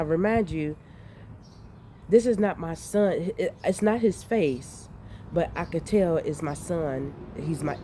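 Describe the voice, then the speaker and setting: Animated woman telling a story, low voice. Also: a little hiss or hum. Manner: animated, rambling, profane, restarts often. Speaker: vlogger recounting a dream. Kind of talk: casual storytelling.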